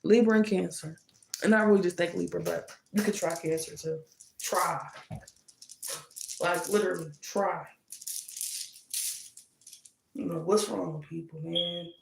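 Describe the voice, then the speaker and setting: A woman's voice: fairly low pitch, fairly even intonation, a little slow, gravelly, long pauses, slight background noise. A woman giving a casual tarot reading, speaking emphatically and scolding with indignant rhetorical questions. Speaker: tarot reader. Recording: echoey room.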